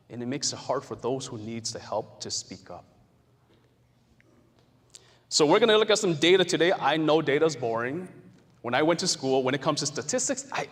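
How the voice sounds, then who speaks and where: A man giving a lively talk to a live audience, playful and asking the room questions. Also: fairly high pitch, breathy edge. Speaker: guest speaker. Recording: long reverb of a large hall.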